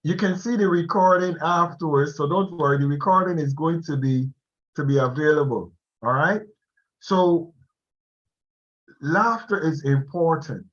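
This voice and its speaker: On a video call, a man gives an online class a slow, animated motivational talk, laughing often as he goes. His voice sits on the high side, and the recording's highs are cut off.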